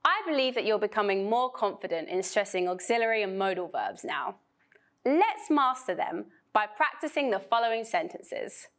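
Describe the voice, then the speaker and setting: A woman from Vietnam giving a scripted pronunciation lesson for students, speaking slowly and clearly with careful emphasis. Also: medium pitch, sing-song, a bit bright. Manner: slow, clear, emphatic teaching delivery. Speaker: pronunciation teacher.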